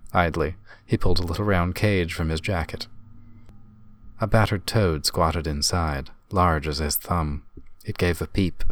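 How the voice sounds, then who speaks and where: Very deep male narrator for a fantasy audiobook: measured and descriptive, dry close mic. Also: a bit bright, dry recording.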